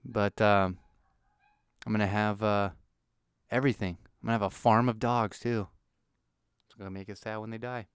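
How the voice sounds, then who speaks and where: A man on a comic rant with a very crisp, clean voice, recorded close and dry. He swears freely and keeps working himself up into mock outrage. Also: on the low side, steady tone, normal speed, long pauses, dry recording. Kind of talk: ranting monologue.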